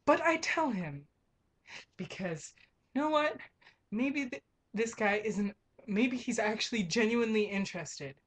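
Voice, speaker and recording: A woman's voice: on the high side, expressive, unhurried, pauses often, breathy edge. Young woman ranting in exasperation. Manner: exasperated, profane, emphatic ranting. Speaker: grocery clerk. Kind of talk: ranting vlog monologue.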